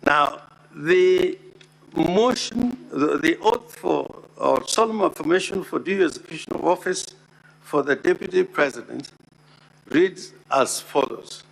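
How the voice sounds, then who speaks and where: A man making a formal legal argument before the Senate as counsel, deliberate and emphatic, repeating key words for weight. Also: a little high, gravelly, poor audio. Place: Senate chamber.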